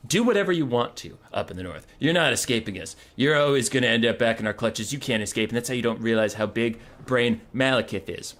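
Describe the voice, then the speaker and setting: A man voicing a smug, scheming male elf general who talks low and confiding. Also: animated, quick pace, few pauses, fairly bright tone, natural voice.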